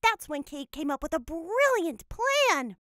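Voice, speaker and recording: A woman's voice: extremely high pitch, sing-song, a little slow, fairly bright tone, dry recording, clean studio sound, exaggerated voice. A woman voicing a cheerful cat mother who narrates a cartoon storybook in a playful way.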